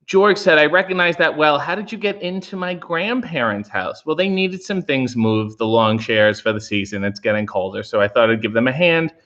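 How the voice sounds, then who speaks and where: A man hosts a casual livestream, reading out viewer comments and answering them with deadpan, sarcastic quips. His voice swings widely and lively in pitch. The stream audio sounds dull and lo-fi. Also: moderate pace, few pauses. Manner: dry sarcastic asides, animated pitch swings. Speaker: livestream host reading chat.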